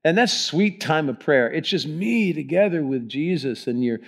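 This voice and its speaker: Preaching pastor swinging loud to hushed. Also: male voice, fairly high pitch, animated, moderate pace, vocal fry. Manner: leads the congregation in reading aloud together. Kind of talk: sermon. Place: church sanctuary.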